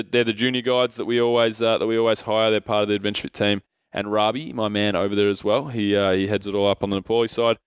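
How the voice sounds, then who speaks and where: A man's voice: on the low side, clear, resonant tone, dry recording, clean studio sound. A man hosting a podcast, reading ads casually and stumbling over words, cursing his own slips. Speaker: podcast host. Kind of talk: casual podcast chat and ad read.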